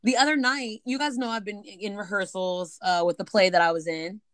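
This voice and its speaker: A woman tells a story on a casual podcast, animated and swearing freely. She acts out the people in her tales in a mid-range voice. The sound is close and dry, with no room echo. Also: medium pitch, normal speed. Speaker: podcast co-host.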